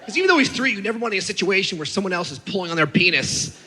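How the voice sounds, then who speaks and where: A man doing stand-up comedy on stage, telling stories in an animated, incredulous way. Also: high voice, rapid-fire, slightly rough, long reverb tail.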